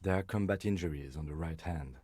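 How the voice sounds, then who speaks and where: An actor voicing a calm, methodical male police lieutenant in a game, speaking in a dry, clinical, composed way. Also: low-pitched, brisk, husky, dry recording. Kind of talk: game voice acting.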